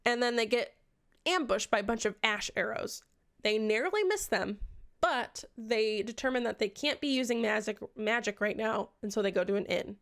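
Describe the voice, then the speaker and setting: A woman's voice: on the high side, normal speed, a bit bright. A young woman recapping a book in casual chat, sarcastic and swearing often, playing out the characters' lines herself. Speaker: book reviewer.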